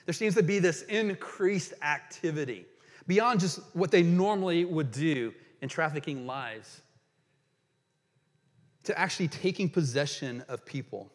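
A pastor with a slightly high voice reads scripture passages aloud and then reflects on them in a sermon. His words ring through a church hall with a long reverb, and he slows down to emphasize key questions.

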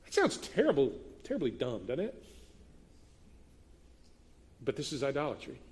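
A man preaching a sermon as pastor, reading scripture and explaining it in a lively, conversational way with bursts of emphasis. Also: medium pitch, moderate pace. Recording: long reverb of a large hall.

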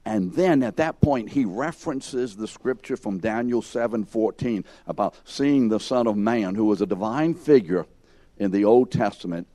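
A man with a lowish, mellow voice teaches a Bible lesson to a class at a moderate pace, with no echo. He questions students by name and emphatically acts out the scene in second person.

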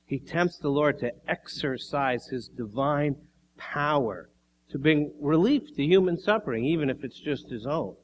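A man preaching a sermon with measured delivery, pressing his points with rising emphasis, with a few coughs along the way. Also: a little high, lively intonation, slight background noise, rough recording. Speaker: pastor.

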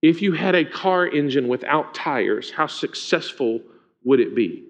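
Higher-voiced man preaching a casual sermon. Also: expressive, measured pace. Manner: informal, asks the congregation questions. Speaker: pastor. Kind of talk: conversational sermon. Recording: dull lo-fi sound.

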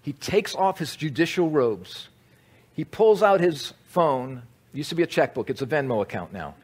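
A man's voice: on the high side, animated, normal speed, husky. A man preaching a conversational sermon, teaching with asides to the audience. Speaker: pastor.

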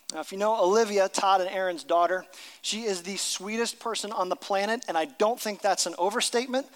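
A male pastor with a high-sitting voice preaches a sermon in a large hall. He tells a story, dropping to a hush at its tender moments.

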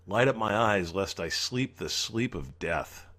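A man's voice: lowish voice, animated, unhurried, a bit bright. A man preaching a sermon as pastor, earnestly acting out the psalmist's pleas.

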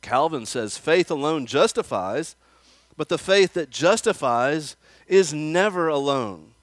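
A man's voice: a little high, expressive, takes it slowly, no echo. A man preaching an expository sermon in a church, asking the congregation questions and raising his emphasis when he acts out quoted voices. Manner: conversational, asks the congregation questions.

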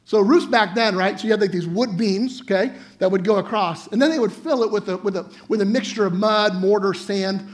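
A young man preaching a guest sermon in a chatty, animated way, often checking in with the listeners. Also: high-pitched, fairly quick, few pauses. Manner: animated, chatty, asks the audience "right?" often.

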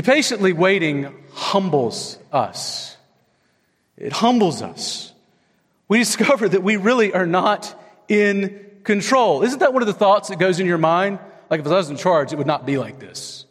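A man, probably in his thirties, preaching a sermon as pastor, telling personal stories in a conversational way with big swings between loud, high moments and low, quiet ones. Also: animated, normal speed, husky, in a large hall. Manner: conversational storytelling with wide swings in pitch.

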